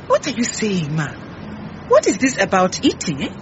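An actress playing an indignant, defensive head cook in a radio drama. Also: female voice, mid-range voice, huge pitch swings, moderate pace, lo-fi sound, background noise. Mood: brusque. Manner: brusque, indignant.

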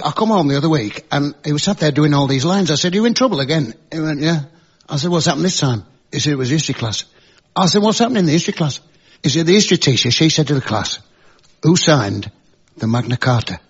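A man's voice: on the high side, highs cut off, noisy background. Male comic firing one-liners. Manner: one-liners, deadpan storytelling. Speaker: comedian. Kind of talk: stand-up routine.

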